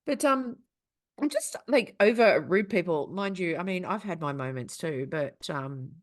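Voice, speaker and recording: An Australian woman telling stories on a podcast, with a lively voice that swings widely in pitch. She swears freely and laughs often. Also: measured pace. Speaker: podcast co-host. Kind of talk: casual chat, storytelling.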